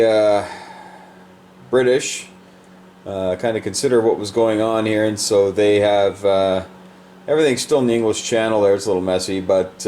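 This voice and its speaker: A man's voice: fairly low pitch, mellow, slight background noise. A man casually walking through the state of a board game, explaining moves in a loose, rambling way with many fillers.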